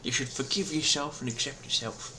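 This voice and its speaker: A man's voice: mid-range voice, fairly even intonation, a little fast, noisy background. A man rambling through absurd jokes, often dropping to murmurs and whispers. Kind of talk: rambling silly stream of talk.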